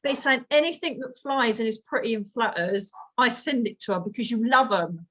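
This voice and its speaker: A British woman leads a live reading over a video call. Her voice sits a little high, and she talks in a chatty, familiar way, calling people darling and swearing mildly as she goes. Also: fairly quick, a bit bright. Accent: British English. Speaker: psychic medium.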